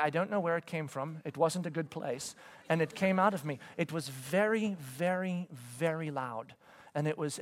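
A man in his forties preaching a sermon, telling a story with stammered restarts and swinging from loud to hushed. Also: fairly high pitch. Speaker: pastor.

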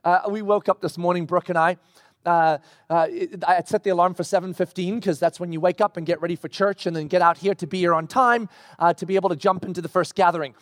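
A middle-aged man preaches a sermon in an unusually high voice. He tells the story casually, jumping into acted-out voices. The mic picks him up close and dry, with almost no room sound. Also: quick pace, dry recording. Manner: animated storytelling with acted-out quotes. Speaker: pastor. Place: church.

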